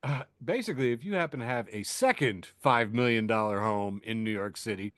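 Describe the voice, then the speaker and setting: A podcast host with a lowish, fairly bright voice riffs sardonically through the news at a quick, expressive clip. He laughs at his own jokes, full of fillers and restarts, in a dry, clean studio recording.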